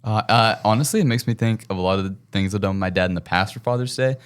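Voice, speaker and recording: Teen male guest, smooth low voice, earnest, articulate, easy laugh. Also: fast talker. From Tennessee. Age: teens. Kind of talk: casual interview chat.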